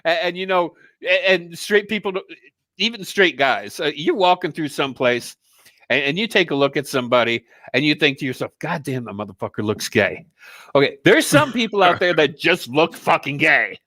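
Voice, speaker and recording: A man with a bright, forceful voice, cohosting a live chat show. He talks bluntly and swears freely, joking his way through crude topics. The sound is dry and close. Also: on the high side, expressive, normal speed, no room sound. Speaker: co-host.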